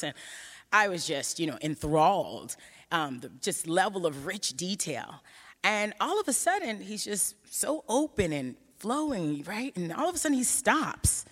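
Woman, storytelling talk, animated, acts out quoted voices, echo of a big hall. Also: on the low side. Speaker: researcher giving a talk. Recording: hall reverb.

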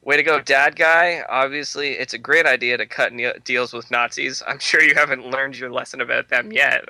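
A young man with a very bright, ringing voice, joking through a movie discussion on a podcast. He riffs with crude humor and breaks into laughter often. The sound is close and dry. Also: mid-range voice, fairly even intonation, moderate pace, gravelly, few pauses, no echo. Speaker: podcast co-host. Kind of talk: casual movie commentary podcast.

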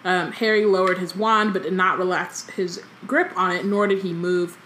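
On this casual book podcast, the young female co-host reads a novel aloud, then breaks off into chatty, joking remarks sprinkled with ums. Her voice is on the low side and a bit bright, with fairly even intonation and a moderate pace. A faint hiss or hum is audible.

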